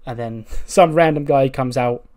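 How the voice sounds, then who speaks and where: A man's voice: mid-range voice, unhurried, darkish tone. A man giving casual, sweary commentary on his game playthrough. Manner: chatty, sweary, acts out scenes. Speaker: game video host.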